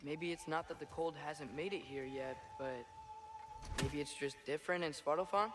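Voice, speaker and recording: A young man plays a curious teenage boy in a video game, puzzling over the way ahead. His voice sits a little high. Clear noise runs under it. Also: normal speed, natural voice. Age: teens. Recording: game audio with noise behind.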